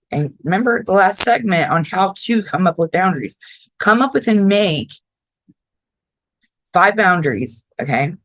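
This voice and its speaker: Blunt, low-voiced woman podcast host. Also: rough recording. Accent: mix of New York and Southern. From Florida. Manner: blunt and direct, swears freely. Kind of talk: casual advice podcast.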